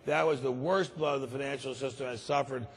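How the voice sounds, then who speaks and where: A man's voice: mid-range voice, fairly even intonation, a little fast, gravelly, in a large hall, slight background noise. An older man giving a conference speech in a grave, emphatic way, repeating words for stress. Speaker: conference speaker. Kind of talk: keynote speech. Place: large conference hall.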